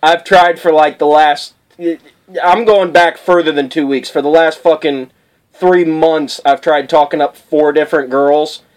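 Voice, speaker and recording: A man's voice: on the high side, fairly even intonation, a little slow, low-quality recording. A man co-hosting a podcast in casual chat, profane and joking at his own expense. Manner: profane, joking, self-mocking. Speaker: podcast co-host.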